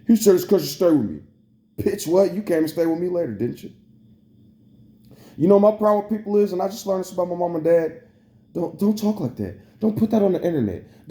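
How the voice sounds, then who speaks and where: A man's voice: mid-range voice, mellow. Man ranting angrily to camera. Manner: profane, heated, repetitive. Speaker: vlogger. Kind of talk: angry rant to camera.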